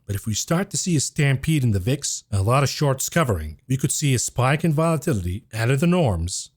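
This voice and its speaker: Man giving brisk, emphatic market commentary. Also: medium pitch, slightly rough. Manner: brisk, emphatic, talks through charts. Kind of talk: scripted-sounding market commentary.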